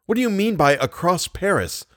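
A male narrator voicing an anxious, earnest young nobleman who answers softly. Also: mid-range voice, lively intonation, moderate pace, no room sound, studio quality, lightly acted. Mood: alarmed.

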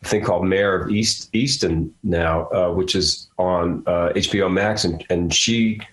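A man's voice: low-pitched, steady tone, a little slow, a bit bright, reverberant. A man in his sixties from Philadelphia with a Philadelphia accent, an actor chatting as a guest in a casual interview, rambling with many restarts.

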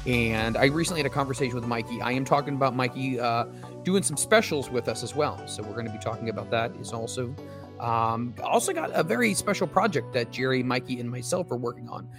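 A man hosting a stream, welcoming viewers with playful, mock-boastful banter. His voice sits at an ordinary middle pitch, with music clearly playing behind him. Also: animated, a little fast. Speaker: host. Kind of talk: casual chat on a stream.

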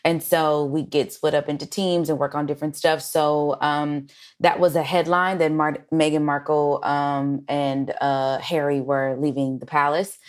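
A low-pitched woman from Los Angeles, a comedian talking in a relaxed interview. She tells her stories with lively energy, swears freely, and slips into acted-out quotes of other people. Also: measured pace. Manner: animated storyteller, swears freely, acts out quotes. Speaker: comedian and writer, guest. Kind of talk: casual interview storytelling.

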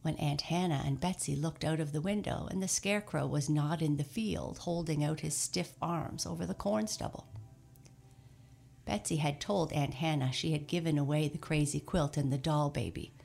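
Low gravelly woman reading a story. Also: normal speed, a little mellow. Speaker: narrator. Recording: faint music under voice.

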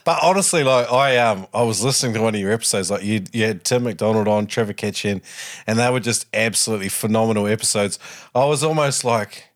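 Chatty Australian podcast host. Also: male voice, fairly low pitch, fast talker. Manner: chatty, rambling with fillers and self-deprecating asides. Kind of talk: casual chat.

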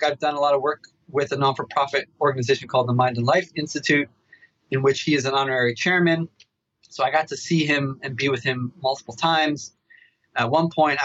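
A man telling a story as a meditation researcher guest in a podcast interview. He talks in an animated way and keeps tagging his asides with "right?". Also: fairly high pitch, no room sound, highs cut off.

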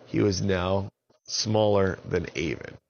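A man telling a children's story in an unhurried, expressive way. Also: deep voice, vocal fry, muffled recording.

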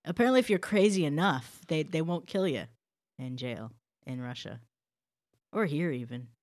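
A woman hosting a casual comedy podcast, joking and riffing with her guest in quick asides. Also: sits low, expressive, a little mellow, dry recording, studio quality. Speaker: podcast host.

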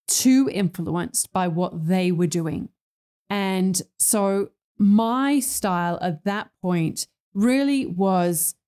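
A woman's voice: medium pitch, dark tone. A middle-aged woman, an interior stylist, hosting a solo podcast and reflecting earnestly on finding her own style, often correcting herself. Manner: thoughtful, self-correcting, earnest.

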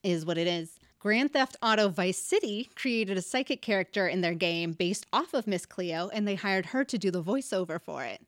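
A young woman co-hosts a casual podcast, telling a story in a chatty way with wry asides. Her voice sits at a middle pitch. The recording is close and dry, with no room sound. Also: expressive, normal speed, hardly any pauses, no echo. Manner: chatty storytelling, reads out facts with asides and laughs. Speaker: podcast co-host. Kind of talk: casual chat.

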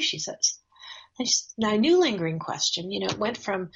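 A woman's voice: mid-range voice, lively intonation, moderate pace, creaky, slightly rough, lo-fi sound. A woman telling a personal story in a casual conversation, speaking earnestly with frequent small laughs and restarted phrases. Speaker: guest, course facilitator.

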